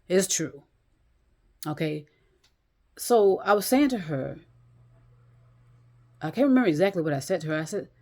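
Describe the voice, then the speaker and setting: A woman vlogger sits in a chair in a small room at home, delivering a casual monologue to her viewers. Her voice is lowish and a little mellow, and she rambles, restarting often, using lots of fillers and swearing bluntly.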